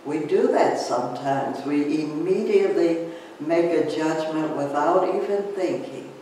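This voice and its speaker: A man leading a slow guided Lent meditation in a calm voice, repeating phrases and leaving long pauses. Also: a little high. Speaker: church leader guiding a Lent meditation. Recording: roomy, from a distance, with faint noise.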